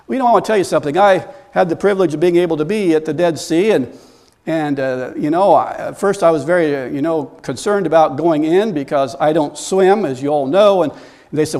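Preacher guy, pretty high voice, telling stories in a sermon and getting loud and worked up. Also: a little fast. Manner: storytelling preacher, rising to loud animated bursts. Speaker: pastor.

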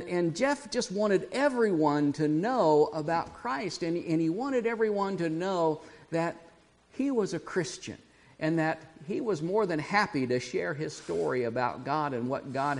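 A man preaching a sermon, telling a story with animated restarts and laughing along with his listeners. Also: on the high side. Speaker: pastor.

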